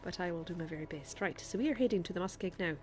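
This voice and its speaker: A woman's voice: on the low side, racing, a little hiss or hum. A woman streamer chatting to her viewers in a put-on Irish accent while she plays a game, often laughing as she talks. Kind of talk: live gameplay commentary.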